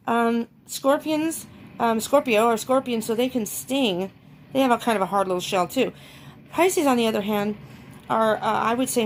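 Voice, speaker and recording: A woman's voice: a little high, slight background noise. A woman giving a casual tarot reading to her viewers, thinking aloud with many ums and laughing often. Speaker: tarot reader.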